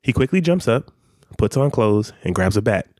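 A man's voice: medium pitch, moderate pace, dry recording. A man chatting casually as a podcast co-host, his voice swinging up and down as he tells stories. He jokes, laughs and curses freely. The sound is dry and close to the mic. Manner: animated, laughs often, swears casually. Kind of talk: casual chat and story reading.

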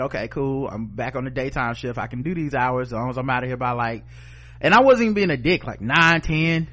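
A man's voice: medium pitch, a bit bright. A middle-aged man co-hosting a podcast, telling a story in casual chat with blunt, profane language and acted-out quotes. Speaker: podcast co-host.

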